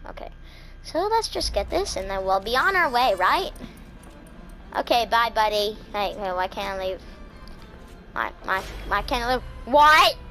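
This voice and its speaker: A woman commentating her horror game playthrough, excitable and jumpy, screaming when startled and talking to herself and the game. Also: fairly high pitch, low-quality recording. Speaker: gaming channel host. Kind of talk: let's play commentary.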